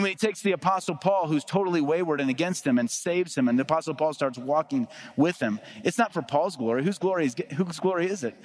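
A middle-aged man preaching a sermon as pastor, emphatic and calling on the congregation to repeat phrases after him. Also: fairly high pitch.

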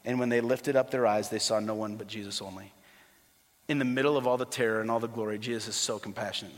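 A man preaching a sermon as a pastor. He is animated and sometimes drops to a soft hush. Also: mid-range voice, rapid-fire. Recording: long hall reverb.

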